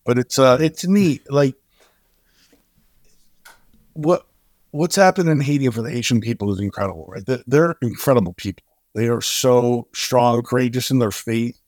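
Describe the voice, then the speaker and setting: A man guest on an interview show, telling stories in an animated way and acting out the voices of the people in them. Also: normal speed, no room sound, clean studio sound. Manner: animated, acts out quoted voices with big pitch jumps. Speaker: charity co-founder, guest. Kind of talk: storytelling in an interview.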